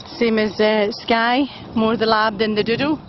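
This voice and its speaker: A woman filming on her phone while walking a pack of dogs outdoors, chatting and calling to the dogs in a high sing-song voice. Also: flat delivery, measured pace, dull audio, background noise. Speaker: dog daycare walker filming a walk. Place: outdoors in woods and fields by a loch. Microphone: phone camera held while walking.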